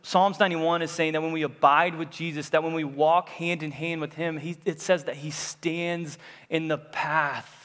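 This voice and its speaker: A man's voice: a little high, little pitch movement, normal speed, fairly bright tone. A young man giving a conversational sermon that weaves in a personal story, with lots of fillers and restarts. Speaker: preacher. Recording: long hall reverb.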